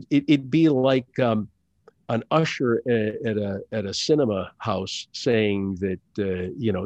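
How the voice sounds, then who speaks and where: A middle-aged man talks very slowly and carefully, pausing on fillers and restarting phrases as he works through his thoughts. The recording sounds dull and lo-fi, with a dry, close sound and no room echo. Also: on the low side. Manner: slow, deliberate, hesitant with many fillers and restarts. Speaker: commercial actor and audiobook narrator, guest. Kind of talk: conversational interview.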